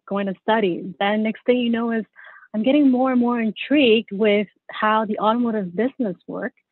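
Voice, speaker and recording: A woman's voice: medium pitch, no room sound. Woman in her 40s telling her career story, sounds like a phone call, super dry. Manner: measured, storytelling with fillers. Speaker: guest, car dealership general manager. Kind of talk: interview answers. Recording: dry, phone-like remote line.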